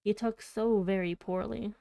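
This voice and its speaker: A woman's voice: medium pitch, steady tone, vocal fry, warm tone, dry recording. A woman reading as a fretful old servant man. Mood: worried. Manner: halting, rambling speech. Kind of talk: audiobook reading.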